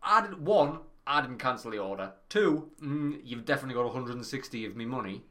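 A man, co-hosting a podcast and telling an animated, sweary anecdote in casual chat. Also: medium pitch, fast talker. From Northern England. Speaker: podcast co-host.

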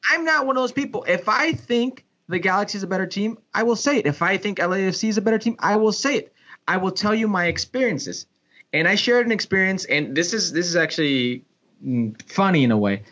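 Animated male sports broadcaster, lo-fi audio. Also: brisk. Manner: animated, swinging pitch, frequent restarts. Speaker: sports broadcaster and former pro soccer player. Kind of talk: casual podcast storytelling. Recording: dull lo-fi podcast audio.

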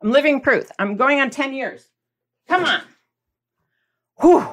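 A woman hosting a podcast in a casual, animated and emphatic monologue. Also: sits high, unhurried. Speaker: podcast host.

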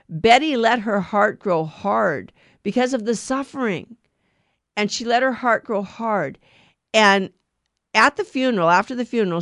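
A woman's voice: medium pitch, no room sound. Woman preacher, scripture reading into conversational homily, dry close sound. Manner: slow, deliberate reading, then conversational preaching with fillers. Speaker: preacher giving a reflection on scripture.

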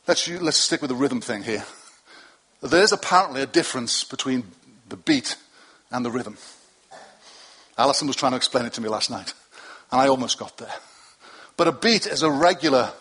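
Husky-voiced male pastor preaching conversationally. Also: medium pitch, a bit bright. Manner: conversational preaching with asides and self-deprecating humor. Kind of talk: sermon. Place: church hall with a congregation.

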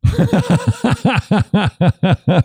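A middle-aged man with a warm, mellow tone and a lively, swooping delivery, riffing wryly as a radio host. The sound is dry and close, with no room behind him. He talks in a casual, joking way. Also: high-pitched, very slow, breathy edge, dry recording. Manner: wry, joking, animated. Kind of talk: casual commentary on church signs and sermons.

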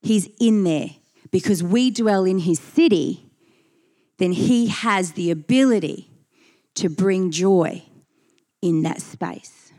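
A woman's voice: fairly low pitch, a little mellow. A woman preaching a sermon, earnest and emphatic, reading scripture and repeating key phrases for weight.

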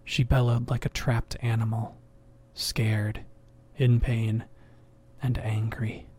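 Slow, measured male horror narrator. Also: mid-range voice, flat delivery, darkish tone, husky. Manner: slow, measured, dropping to whispers.

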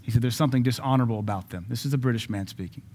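A man preaching a sermon in a voice of middle pitch. He drops to quiet, quick asides, then builds to loud, high peaks. Scripture comes out slow and stressed. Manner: reads scripture slowly with emphasis. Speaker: pastor.

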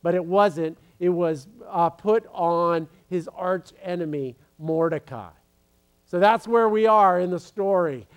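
A pastor talks to his congregation in a loose, joking sermon, full of "uh"s and restarts. His voice sits high for a man. It is smooth and clear. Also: measured pace. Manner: joking, chatty, many fillers and restarts.

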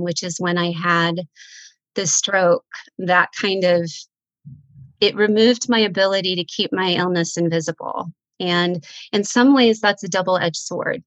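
Middle-aged woman, guest storyteller, heartfelt and candid, medium pitch, close dry sound, slightly dull lo-fi. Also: a bit bright, dry recording. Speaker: guest author. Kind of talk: emotional faith conversation.

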